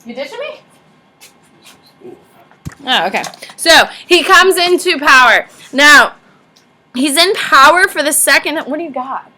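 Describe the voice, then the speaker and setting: A young woman teaching a high school history class, lively and casual, joking and chatting with her students between points. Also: unhurried, long pauses. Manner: animated, casual and slangy, jokes with students. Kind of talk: classroom lecture.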